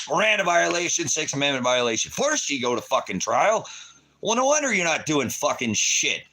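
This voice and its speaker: A man's voice: fairly high pitch, very animated, fairly quick. Furious ranting middle-aged man. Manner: furious, swearing, bursts into shouting; mocks others in quoted voices. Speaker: vlogger. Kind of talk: angry profane rant.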